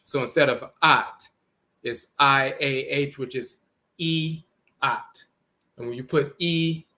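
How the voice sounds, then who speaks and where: A man lecturing on language origins, deliberately spelling out letters and repeating each word as he points to text on screen. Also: mid-range voice, bright, forceful tone.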